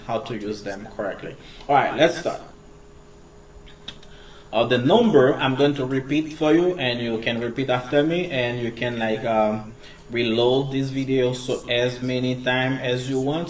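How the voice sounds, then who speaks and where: A man's voice: medium pitch, distant mic, a little hiss or hum. Male English teacher. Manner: switches between English, French and Creole while explaining; slow, repeated pronunciation drills. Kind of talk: casual video lesson.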